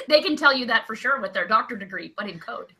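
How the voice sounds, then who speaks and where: Animated, very bright-voiced woman. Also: fairly high pitch, breathy edge. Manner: animated, gleefully rants and bursts into loud exclamations. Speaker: co-host. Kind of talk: casual comedy podcast chat.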